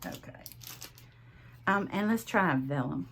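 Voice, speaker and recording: A woman with a Southern US accent, chatting casually at her home craft desk as she hosts a crafting vlog, drawn-out and full of laughs. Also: lowish voice, expressive, a little hiss or hum. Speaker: crafting channel host.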